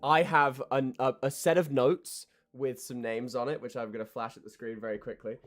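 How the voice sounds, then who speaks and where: A man's voice: medium pitch, fairly even intonation, moderate pace, faint music behind. Joking young man hosting a stream. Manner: joking, rambling, laughs often. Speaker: game master and stream host. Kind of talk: casual chat on a stream.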